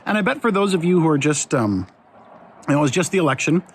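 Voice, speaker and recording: A man's voice: fairly high pitch, animated, fast talker, slight background noise. A male pastor giving a casual devotional talk from home, speaking conversationally and putting questions to the viewer. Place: at home indoors.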